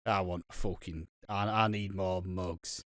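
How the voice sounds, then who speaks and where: Smooth-voiced British young man. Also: low voice, a little slow, no room sound, studio quality. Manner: rambling, heavy swearing, animated. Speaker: podcast co-host. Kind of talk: casual podcast chat.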